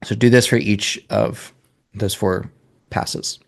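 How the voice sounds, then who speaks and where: A man's voice: on the low side, fairly even intonation, takes it slowly, gravelly. A man in his twenties coaching a sales class in a casual, blunt way, swearing freely. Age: 20s.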